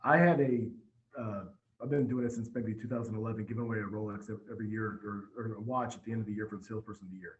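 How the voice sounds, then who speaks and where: Male dealership manager, podcast guest, animated storyteller; dull remote-call audio. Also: lowish voice, rapid-fire, roomy sound. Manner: storytelling, energetic, with frequent restarts. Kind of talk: casual podcast conversation.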